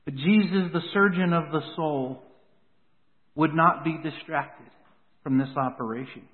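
A man's voice: a little high, unhurried. A man preaching a sermon with dramatic rises and drops for emphasis. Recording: tinny phone-like sound with long hall reverb.

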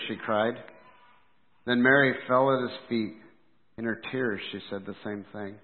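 A man giving a sermon in a measured, earnest storytelling manner. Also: medium pitch. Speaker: preacher. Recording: tinny phone-like sound with long hall reverb.

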